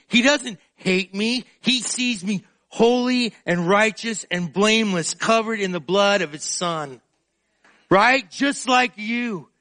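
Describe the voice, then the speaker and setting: High-voiced, slow, emotional male preacher. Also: sharp tone. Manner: emotional and confessional, praying aloud in drawn-out phrases. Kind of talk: sermon.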